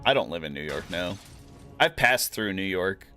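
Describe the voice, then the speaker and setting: A man's voice: low-pitched, big pitch swings, moderate pace, pushed and bright. A man streaming a video game, chatting casually with his viewers and answering chat, with lots of "like" fillers. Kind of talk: casual gameplay commentary. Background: game music.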